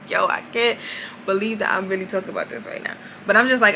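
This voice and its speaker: A woman's voice: on the high side, animated, fast talker, pushed and bright, a little hiss or hum, rough recording. A young woman vlogger telling a personal faith testimony in a chatty way, addressing viewers directly and saying "like" often. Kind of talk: casual confessional testimony.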